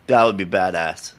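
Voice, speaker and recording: A man hosting a casual live group chat, excitable and rambling, swearing freely. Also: low-pitched. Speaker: host of a live chat stream.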